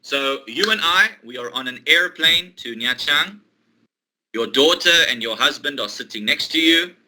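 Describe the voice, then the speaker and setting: A man teaching English one-to-one, explaining a role-play exercise patiently, step by step, with pauses. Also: medium pitch, expressive, sharp tone, rough recording. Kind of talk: online one-to-one English lesson.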